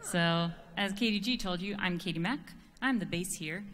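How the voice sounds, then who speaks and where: A woman's voice: on the low side, moderate pace, fairly bright tone. An American woman singer telling a giggly, self-deprecating story between songs on a concert stage. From United States. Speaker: quartet bass singer. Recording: reverberant concert hall.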